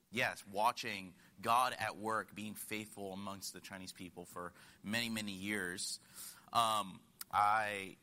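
A man in his thirties from Connecticut preaching a sermon, telling stories earnestly, rising to emphatic points and dropping to quiet asides. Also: fairly low pitch. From United States (Connecticut). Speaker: guest preacher.

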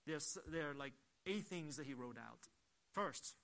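Male pastor, slightly higher voice, emphatic sermon delivery with rhetorical questions. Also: expressive, unhurried, gravelly, a bit bright.

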